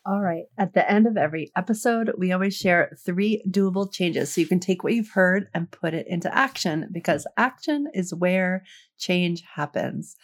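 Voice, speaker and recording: A woman hosts the closing segment of a podcast, reading from a script in an upbeat, instructive way. Her voice is a little low for a woman. She delivers it smoothly and steadily. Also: normal speed. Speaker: podcast host.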